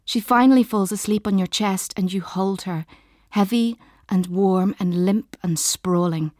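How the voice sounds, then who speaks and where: A woman narrating a literary audiobook in a slow, measured, intimate and soft way. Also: lowish voice, no room sound, clean studio sound.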